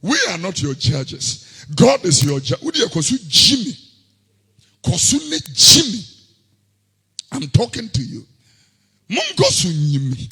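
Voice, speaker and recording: A Ghanaian-accented man preaching a sermon, moving between quiet scripture reading and sudden sing-song shouts. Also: sits high, big pitch swings, takes it slowly, pauses often, breathy edge, long reverb tail.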